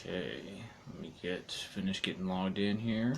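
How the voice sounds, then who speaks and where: A man's voice: deep voice, normal speed, creaky, noisy background. A man doing real estate cold calls on a live stream, chatting casually to his viewers between dials.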